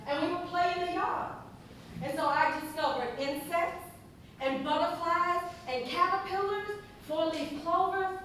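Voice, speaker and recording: A middle-aged woman from Louisiana delivers a motivational speech from a podium, her high voice carrying through a big, echoing hall. She is heard from a distance, with a faint rumble underneath, and tells her story earnestly, pausing between phrases. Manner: earnest storytelling with measured pauses. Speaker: keynote speaker. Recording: echoey hall from far off.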